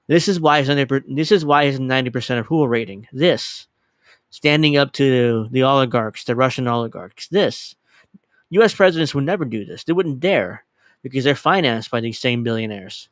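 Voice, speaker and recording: A man's voice: medium pitch, animated, moderate pace, no room sound. A man hosting his livestream, giving casual, profane, sarcastic commentary on a clip and laughing often. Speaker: livestream host.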